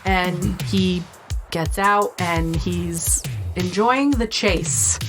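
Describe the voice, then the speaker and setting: A woman co-hosting a podcast in casual chat, retelling a film in a lively way and swearing freely. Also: on the low side, extremely slow, over music. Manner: lively storyteller, swears freely, acts out quotes. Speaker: podcast co-host.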